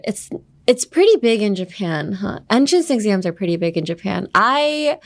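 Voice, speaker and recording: A woman hosting a podcast English lesson, playful and teasing, slipping between English and Japanese. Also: mid-range voice. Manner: playful, teasing, laughs often. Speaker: English teacher host.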